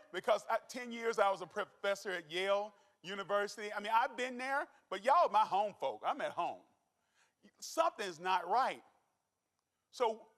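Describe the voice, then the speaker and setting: A man's voice: high voice, moderate pace. A middle-aged man giving a folksy, joking health talk as a doctor to a live audience. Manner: folksy, animated, joking with the crowd. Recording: long hall reverb.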